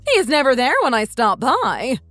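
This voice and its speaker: A woman's voice: high-pitched, very animated, normal speed, a bit bright, no room sound, faint music behind. A woman voicing a spiteful, domineering mother-in-law around sixty who scolds and insults, in a dramatized text-story reading. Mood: shocked.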